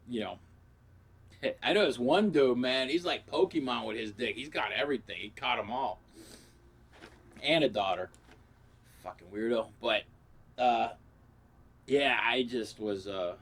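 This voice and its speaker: A man's voice: medium pitch, a bit bright. A man rambling through crude, profane comic stories in a casual vlog. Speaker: comedy vlogger.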